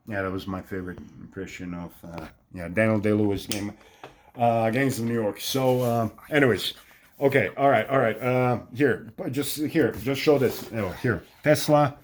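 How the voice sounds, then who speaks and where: A man chatting casually and haltingly while drawing, with many restarts. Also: on the low side, slight background noise. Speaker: drawing vlogger.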